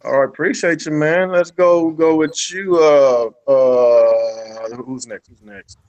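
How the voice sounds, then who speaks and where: A man hosting a casual gaming podcast, talking in a laid-back, slangy way and swearing freely. His voice sits a little high. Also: slow pace, darkish tone, dull audio. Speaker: podcast host. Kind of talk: casual chat.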